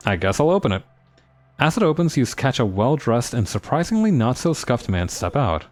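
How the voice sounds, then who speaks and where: A man's voice: mid-range voice, sing-song, moderate pace, faint music behind. A man streaming a game live, reading its text aloud with playful comments.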